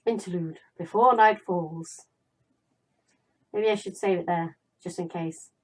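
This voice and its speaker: A young woman playing a visual novel, reading its text aloud and breaking off into chatty, animated stories. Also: fairly low pitch, a little slow, low-quality recording. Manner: chatty, dramatic, animated storyteller. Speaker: gaming YouTuber.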